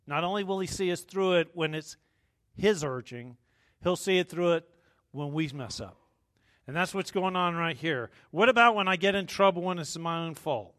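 Dynamic preacher man, hushed to booming. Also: normal speed. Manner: jokes with the congregation. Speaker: pastor. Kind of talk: sermon.

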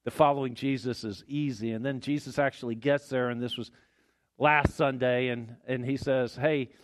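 A man's voice: medium pitch, fairly even intonation, normal speed, slight background noise. A man preaching a sermon as pastor in a church, folksy and conversational with small jokes. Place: church sanctuary.

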